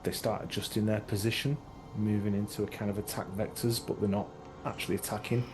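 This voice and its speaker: A man's voice: lowish voice, little pitch movement, a little fast. A man narrating as game master in a loose, rambling way, with lots of fillers. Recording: noisy background hiss.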